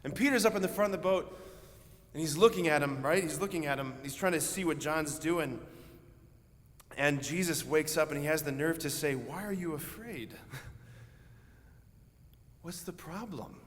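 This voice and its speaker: A Catholic priest preaches a homily in a conversational, earnest way. His voice sits a little high for a man. A long reverb rings through the church. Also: a little fast, fairly bright tone. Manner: conversational, earnest, vivid storytelling.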